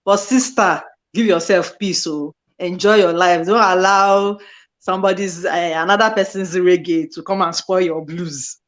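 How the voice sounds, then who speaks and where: A man's voice: high voice, fairly even intonation, moderate pace, a bit bright. A man co-hosting a relationship advice talk, playfully scolding husbands and using folksy sayings. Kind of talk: casual advice chat.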